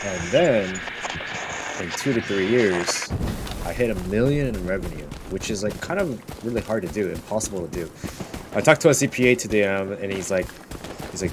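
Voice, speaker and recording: A man's voice: fairly low pitch, animated, moderate pace, very noisy. A man boasting and swearing in casual commentary over a shooter game, brash and bragging. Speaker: gaming streamer. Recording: loud game gunfire behind voice. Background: loud gunfire and artillery from the game.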